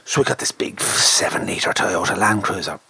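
Husky Irish man telling a story. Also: sits low, normal speed, dry recording. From Ireland. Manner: animated, acts out the people he quotes, lively repetitions. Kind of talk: casual anecdote, conversational storytelling.

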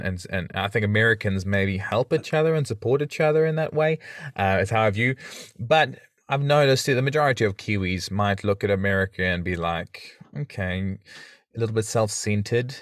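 A man's voice: fairly low pitch, fairly quick, dry recording, studio quality. A man with a South African accent, a guest on a podcast, chatting casually and often stammering as he restarts his sentences. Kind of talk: casual interview chat.

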